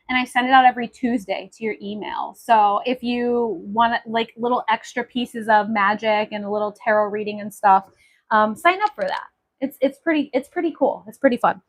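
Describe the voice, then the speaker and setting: A woman's voice: on the high side, low-quality recording. A woman from Maui hosting a casual livestream, chatty and enthusiastic, with many fillers as she talks to viewers. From Maui, Hawaii. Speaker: livestream host.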